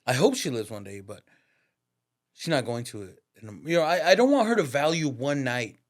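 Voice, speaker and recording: A man's voice: mid-range voice, big pitch swings, normal speed. Slangy man telling a story. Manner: slangy and profane, peppers talk with "dog" and "bro". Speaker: podcast guest, barber. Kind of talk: casual storytelling.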